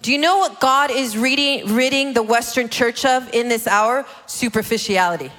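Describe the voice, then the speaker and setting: A woman preaching a sermon in an animated way, acting out other people's voices as she tells stories. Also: on the high side, moderate pace, long reverb tail. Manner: animated, acts out voices of her kids and God.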